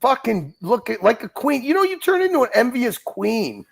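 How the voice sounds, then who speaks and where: A man's voice: very high voice, very animated, normal speed, gravelly, a loud crowd. A man on a livestream panel, mocking and swearing.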